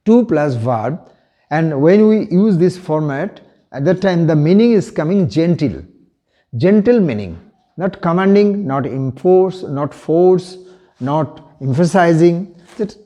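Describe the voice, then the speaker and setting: A man with an Indian English accent giving an online English grammar lesson, explaining slowly and repeating example phrases. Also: fairly high pitch, dark tone. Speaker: English teacher.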